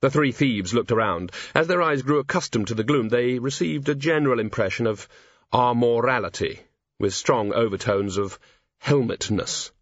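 A male audiobook narrator reads a novel aloud in a measured, dry storytelling style. His voice is mid-range, and the scripted narration sits in a dull, dry lo-fi recording.

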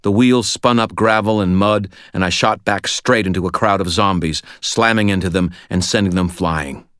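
A man reading a first-person novel aloud in a steady, measured storytelling voice, recorded close to the mic. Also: deep voice, smooth, no room sound. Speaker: audiobook narrator.

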